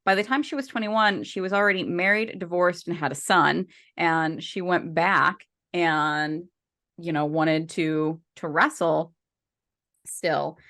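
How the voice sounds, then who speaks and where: Podcast co-host, female, low-pitched, chatty and loose, lots of ums and restarts. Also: fairly even intonation, measured pace, fairly bright tone. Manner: chatty, rambling with many fillers and restarts. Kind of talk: casual podcast chat.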